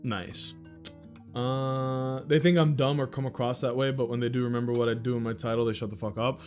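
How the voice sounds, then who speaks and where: A man in his thirties from New York talks on a livestream in a loose, rambling way, swearing casually. His pitch sits at an ordinary middle for a man. Soft music plays faintly behind him. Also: level tone, fairly quick. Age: 30s. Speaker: livestream host.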